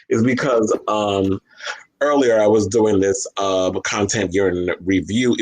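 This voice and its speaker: Slightly tipsy guy hosting a live podcast, husky low-ish voice, loose and chatty, lots of ums. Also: normal speed, rough recording. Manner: chatty and loose, with frequent fillers. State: a little tipsy. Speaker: podcast host. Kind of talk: casual live-stream chat. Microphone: desk microphone.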